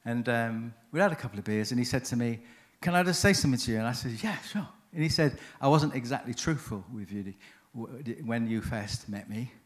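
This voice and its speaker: Man, seminar speaker, mid-pitched, chatty storyteller who keeps restarting his sentences. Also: animated, brisk, few pauses. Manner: chatty, self-interrupting, anecdotal. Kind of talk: conference talk with storytelling.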